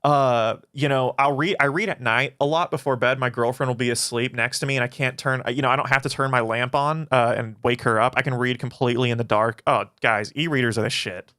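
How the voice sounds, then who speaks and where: A man's voice: medium pitch, steady tone, brisk, hardly any pauses, pushed and bright, smooth, dry recording, studio quality. A man casually answering chat questions on a livestream, swearing often and rambling through his answers. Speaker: philosophy channel streamer.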